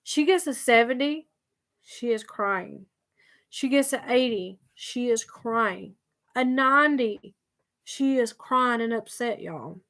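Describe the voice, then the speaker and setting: A woman's voice: on the high side, takes it slowly, a bit bright. A woman telling a story to her viewers in a chatty, emphatic way that circles back over the same points. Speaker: vlogger. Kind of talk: casual storytelling vlog.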